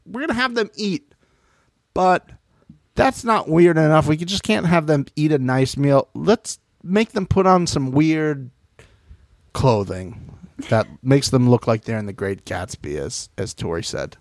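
Brief: male podcast co-host, lively swooping delivery, dry close sound, casual and mocking. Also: on the high side, unhurried, no echo. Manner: animated, mocking, swears freely. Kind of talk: casual chat about reality TV.

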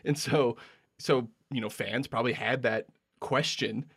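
A man's voice: medium pitch, steady tone, a little slow, a bit bright, husky, dry recording, clean studio sound. A man co-hosting a podcast in casual chat, leading segments and laughing often. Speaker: podcast co-host.

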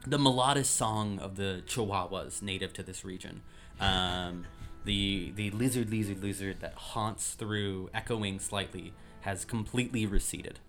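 A low-pitched man narrates a tabletop adventure as game master and pauses often with ums. Soft music plays faintly behind him. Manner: relaxed, many ums while describing.

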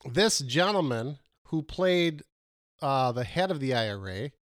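A man's voice: mid-range voice, lively intonation, measured pace, no echo, studio quality. A man co-hosting a casual movie review chat, rambling and losing his words mid-sentence.

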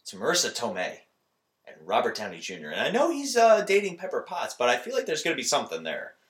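A man hosting a casual podcast chat, animated and quick to laugh. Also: medium pitch, roomy sound. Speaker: podcast host.

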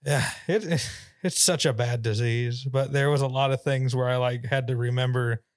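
Podcast dude telling crude stories, teasing, dry close mic. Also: male voice, mid-range voice, steady tone, moderate pace, no room sound. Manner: blunt, profane, teasing jokes. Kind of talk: casual podcast chat.

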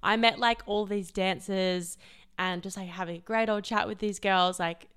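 A woman's voice: mid-range voice, fairly even intonation, normal speed, a bit bright, smooth. A young woman co-hosting a podcast, recounting a night out in a breezy, filler-heavy way. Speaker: podcast co-host. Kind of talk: casual chat.

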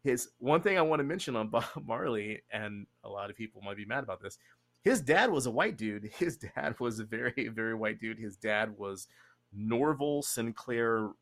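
A young man hosting a casual podcast chat, rambling and joking with quick asides. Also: medium pitch, lively intonation, a bit bright. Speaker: podcast host.

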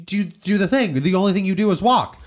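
An exasperated traveler who curses at everything, as a man acts him out. The voice is raised somewhat above a normal speaking pitch, and the delivery is irritated and casual. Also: brisk, natural voice. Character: exasperated foul-mouthed male traveler.

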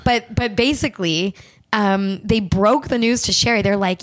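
A woman casually telling a true crime story for laughs, animated and acting out the people in it. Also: medium pitch, moderate pace. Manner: animated, acts out quoted people with swearing and asides.

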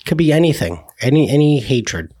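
A man's voice: medium pitch, sing-song, moderate pace, warm tone. A man co-hosting a podcast in casual chat, blunt and dismissive. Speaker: podcast co-host.

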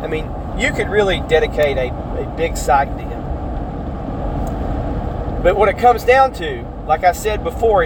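A man talks through his opinions as a podcast host, rambling and correcting himself as he goes. His voice sits a little high for a man, and he slips into mocking imitations when quoting others. Faint traffic noise hums behind him. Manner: rambling, self-correcting, mimics other people's voices in quotes. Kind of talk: casual opinion monologue.

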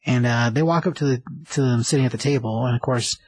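A man's voice: medium pitch, fast talker, breathy edge, dry recording, rough recording. A man casually retelling a TV episode, rambling with lots of fillers. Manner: rambling, filler-heavy, conversational. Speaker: show recapper.

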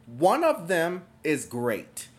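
A woman's voice: sits low, huge pitch swings, slow pace. A young woman chatting casually as a podcast guest, telling a story and acting out the lines she quotes. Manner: storytelling, acts out quotes animatedly. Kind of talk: casual chat.

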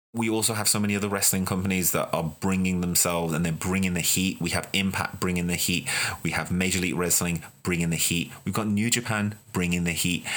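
A young man with a notably low, deep voice delivers an impassioned monologue about wrestling to his channel viewers. He hammers his points home with repeated phrases and rising emphasis. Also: sharp tone. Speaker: wrestling video host.

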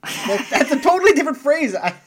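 A woman's voice: sits high, very animated, moderate pace, background noise. A woman co-hosting a podcast, playful and cheeky as she tells jokes in casual banter. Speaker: podcast co-host. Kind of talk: casual banter and joke-telling.

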